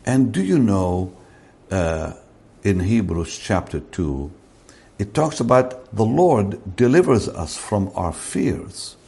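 A man preaching a sermon slowly and deliberately, rising in pitch to stress key words. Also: big pitch swings, gravelly, a little mellow.

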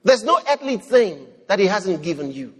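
A high-pitched male preacher delivering an animated sermon. He shifts from loud cries to hushed murmurs and mimics people's prayers. His voice rings out with a long reverb tail. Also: normal speed, slightly rough. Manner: animated, swings from shouting to low murmurs, acts out prayers.

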